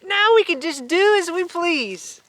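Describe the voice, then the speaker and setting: A woman voicing a group of excited, mischievous schoolchildren in a storybook reading, loud and gleeful. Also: extremely high pitch, a little slow, no room sound, pitched above the performer's own voice, full character voice. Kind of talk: storybook read-aloud.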